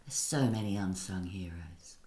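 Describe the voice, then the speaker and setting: Very deep-voiced woman host, roomy. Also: dark tone. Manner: brisk, steering questions. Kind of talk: interview. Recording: roomy echo.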